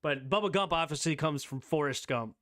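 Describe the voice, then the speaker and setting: A fairly high-voiced man hosts a loose, live sports talk stream. He reacts fast and excitedly, throwing out strong opinions as things happen. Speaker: streamer host.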